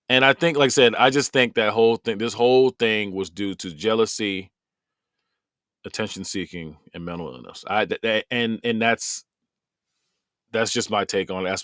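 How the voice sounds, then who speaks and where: A man's voice: on the low side, no echo. Guy on his podcast rambling about a doc he just watched, dry close sound. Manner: rambling, animated, repeats himself. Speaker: podcast host. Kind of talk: casual documentary review.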